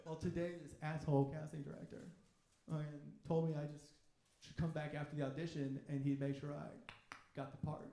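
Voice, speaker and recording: A man performs stand-up in a comedy club, his voice sitting high and lively. He talks crudely and acts out little voices. The club room gives his mic a roomy echo, with laughter from the crowd. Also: a little fast, creaky. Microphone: handheld stage mic. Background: audience laughter.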